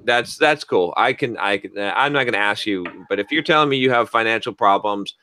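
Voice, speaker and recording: A man hosting a podcast, telling a story in casual chat, animated and profane, acting out both sides of the dialogue. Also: lowish voice, fairly quick, a little hiss or hum. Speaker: podcast host.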